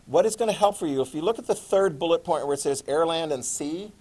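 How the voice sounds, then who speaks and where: A male history teacher lecturing a classroom in a playful, animated way, adding sound effects. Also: a little high, fast talker.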